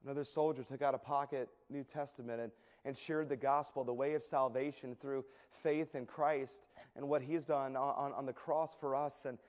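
Animated male preacher in an echoey hall. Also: mid-range voice, moderate pace, hardly any pauses. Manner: animated, repeats words while telling a story. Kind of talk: sermon storytelling. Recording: echoey hall with long reverb.

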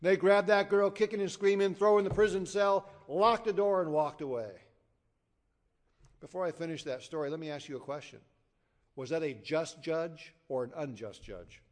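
Preacher guy going loud then soft, kinda high voice, really emphatic. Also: normal speed. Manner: emphatic, with big swings from loud to hushed. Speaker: evangelist preacher. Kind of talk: sermon.

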